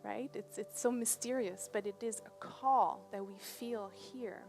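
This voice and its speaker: A woman's voice: on the high side, fairly even intonation, unhurried, creaky, a little mellow, faint music behind. A woman giving a talk, telling a personal story in a conversational way and often checking in with her listeners. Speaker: presenter. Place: presentation on a cruise ship.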